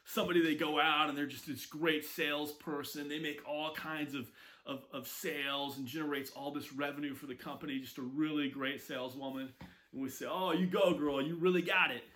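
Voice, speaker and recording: A man preaching a sermon, telling stories with lively acted-out quotes. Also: a little high, fairly quick. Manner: animated storytelling with acted quotes. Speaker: pastor.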